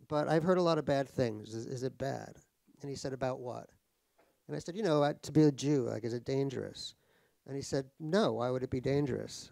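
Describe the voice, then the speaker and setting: A man's voice: mid-range voice, vocal fry, darkish tone, no room sound. An American man, an author guest on stage, telling stories with wry, profane, self-mocking humor. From United States. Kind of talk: anecdotal storytelling on stage. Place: cultural center stage conversation.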